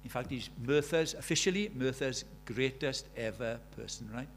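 A man's voice: mid-range voice, normal speed, slight background noise. A man in his seventies preaching a sermon, pressing his congregation with earnest rhetorical questions. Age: 70s. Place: church.

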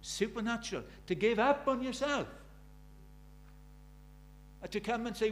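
An older man preaching a sermon, earnest, swinging between quiet reflection and emphatic, pleading passages. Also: very high-pitched, measured pace. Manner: earnest, swinging between soft and emphatic, acts out quoted prayers.

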